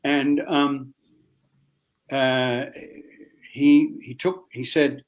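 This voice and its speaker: An older man with an Australian accent, a guest actor telling lively anecdotes in an interview and acting out other people's voices. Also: mid-range voice, drawn-out words.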